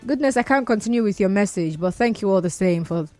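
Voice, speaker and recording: A Nigerian woman hosts a call-in radio show, chatting and teasing as she reads listener messages. Her voice sits at a middle pitch. A faint music bed plays under her in the studio. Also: expressive, darkish tone. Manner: chatty, teasing, quick to react with laughs. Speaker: radio talk show host.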